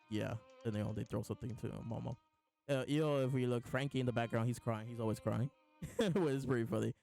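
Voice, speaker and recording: A male host with a medium-pitched, gravelly, darkish voice reacts live to a comic chapter in a casual chat. He reads its lines aloud, pausing for laughs and restarts.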